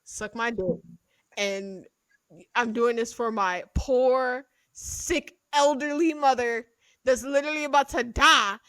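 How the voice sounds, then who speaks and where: Slow, giggly woman with a dry close sound. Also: high voice, a bit bright, dry recording. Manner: giggly and profane, breaks into laughter. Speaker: podcast co-host. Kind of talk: improvised comedic role-play chat.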